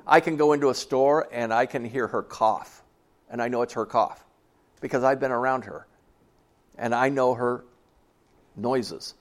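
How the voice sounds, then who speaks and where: A man's voice: mid-range voice, unhurried, pauses often. A man in his sixties preaching a sermon to a church congregation in a folksy, conversational way, often asking them questions. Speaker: pastor.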